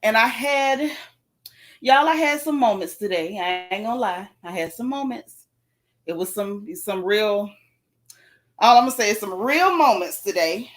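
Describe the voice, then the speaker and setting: A woman from Florida, hosting a casual livestream and talking fast and sassily to her viewers. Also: mid-range voice, lively intonation. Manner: fast, sassy, talks straight to viewers. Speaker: livestream host.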